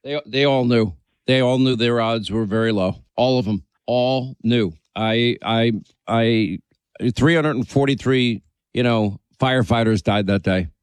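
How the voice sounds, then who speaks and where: A man's voice: mid-range voice, measured pace, clean tone, no room sound. A man hosting a talk radio show, speaking emphatically and urgently, repeating phrases for emphasis.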